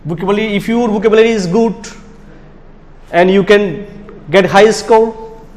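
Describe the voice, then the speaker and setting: A man's voice: high-pitched, normal speed, darkish tone. A man from Bangladesh with a Bangladeshi English accent, teaching an exam prep class in an emphatic style that repeats key words. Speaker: IELTS teacher. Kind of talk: classroom lecture. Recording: long hall reverb.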